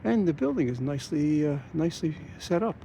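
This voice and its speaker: A man's voice: fairly high pitch, lively intonation, vocal fry, mellow. A man walking outdoors with a handheld camera, narrating a travel vlog in a rambling way with many fillers and restarts. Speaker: travel vlogger. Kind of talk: casual walking commentary. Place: outdoors, walking through a small coastal town. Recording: outdoor noise with rushing water.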